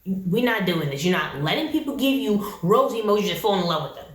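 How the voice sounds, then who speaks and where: Sassy, animated woman reviewing TV. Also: medium pitch, a little fast. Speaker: TV show reviewer. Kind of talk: casual reality-show review vlog. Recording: roomy echo.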